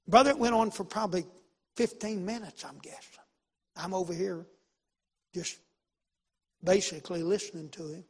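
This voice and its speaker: A pastor telling a story in a sermon, folksy and emphatic, repeating phrases and swinging from loud to hushed. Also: male voice, sits high, normal speed, long pauses, husky, big-room sound.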